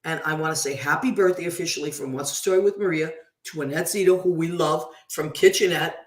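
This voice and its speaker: A woman hosting a radio show, chatting casually and effusively as she gives listeners shout-outs. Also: low-pitched, quick pace, echoey room.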